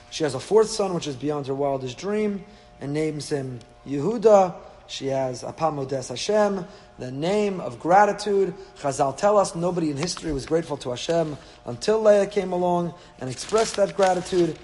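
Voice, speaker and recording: A man's voice: fairly high pitch, lively intonation, normal speed, a little mellow. A man teaching a Torah class, asking rhetorical questions and dropping dry asides. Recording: echoey hall with faint hum.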